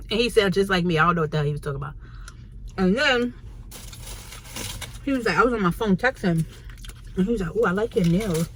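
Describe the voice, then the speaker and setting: Woman, New York accent, casual vlog, slangy, blunt, mid pitch, faint background noise. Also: a little fast, long pauses. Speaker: vlogger. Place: Chinese restaurant, indoors.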